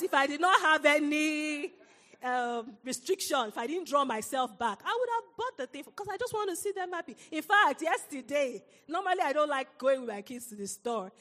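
A woman preaching a sermon, telling a personal story in an animated way and laughing often. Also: high voice, long reverb tail.

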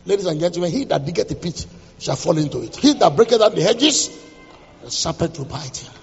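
A pastor gives a dramatic sermon testimony, his high voice leaping about in pitch. The tone is raspy and gravelly, and he quotes scripture as he swings from loud to hushed. He sounds distant in a long-echoing hall on a dull, muffled recording. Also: animated, a little fast, soft background music.

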